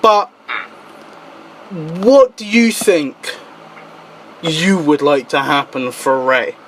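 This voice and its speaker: A male talk show host in loose, casual chat who jokes, swears and laughs a lot. He speaks slowly in a fairly high voice, with faint noise behind him. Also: fairly bright tone, poor audio. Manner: jokey, swears freely, laughs often.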